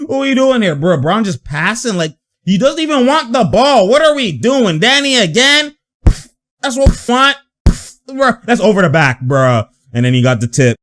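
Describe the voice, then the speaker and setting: A young man giving casual, animated commentary while reacting to a basketball game, slangy and laughing often. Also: sits high, a little slow, long pauses. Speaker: sports commentator.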